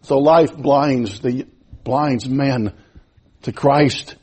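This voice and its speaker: A man preaching a sermon in a church, impassioned and repetitive, swinging from loud to hushed. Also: medium pitch, very slow, husky. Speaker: pastor.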